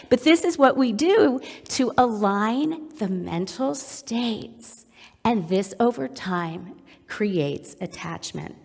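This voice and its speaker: A woman's voice: fairly high pitch, expressive, takes it slowly, gravelly, in a large hall. A middle-aged woman, a psychologist, giving a webinar lecture and now and then acting out how a parent soothes a crying baby. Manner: demonstrative, acts out soothing a baby in soft tones. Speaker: psychologist presenter.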